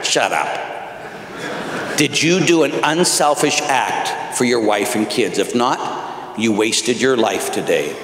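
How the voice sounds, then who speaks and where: Priest guy preaching to men, gets quiet then big and loud, echoey church. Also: medium pitch. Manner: exhorting, swings from quiet to loud. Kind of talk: conference talk to men. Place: large church.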